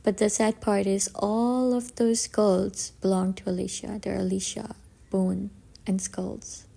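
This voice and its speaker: A woman's voice: mid-range voice, little pitch movement, a little slow, creaky, dark tone. A woman narrating a comic story recap in a casual, dramatic way, with emphatic stresses and frequent restarts.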